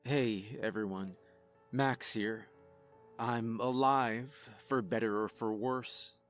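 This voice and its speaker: Male horror narrator, slow and ominous, measured scripted delivery, faint music underneath. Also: mid-range voice, fairly even intonation.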